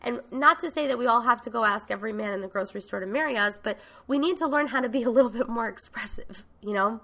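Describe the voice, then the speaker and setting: Bright, gravelly-voiced woman coaching. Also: on the high side, fast. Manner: frank, emphatic, casual swearing. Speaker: podcast host and coach. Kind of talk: motivational talk.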